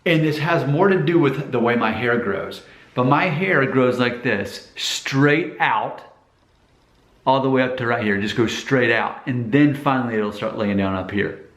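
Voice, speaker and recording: An American man chats to his camera in a loose, rambling vlog style, full of fillers and self-promotion. His voice sits at an ordinary middle pitch. The room around him gives a noticeable echo. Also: animated, unhurried, fairly bright tone. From United States. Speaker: vlogger giving hair advice. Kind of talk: casual talking-head vlog.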